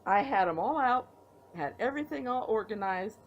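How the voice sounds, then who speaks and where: Recording on a tablet at home, a middle-aged woman hosts a knitting podcast, tired and yawning as she rambles through a casual show-and-tell of her projects with playful reveals. Her mid-range voice has lively intonation at a moderate pace. The sound is muffled with slight background noise.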